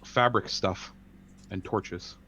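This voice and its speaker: A man's voice: low-pitched, slow, highs cut off, background noise. Matter-of-fact man playing a tabletop game. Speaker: player.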